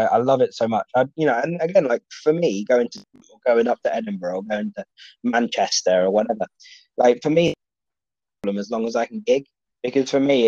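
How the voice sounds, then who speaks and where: A man's voice: mid-range voice, a little mellow, no echo. Male comic, podcast guest, rambling and sweary, muffled dry lo-fi take. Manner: rambling, lots of fillers and restarts, sweary. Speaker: stand-up comedian, guest. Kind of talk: casual podcast chat.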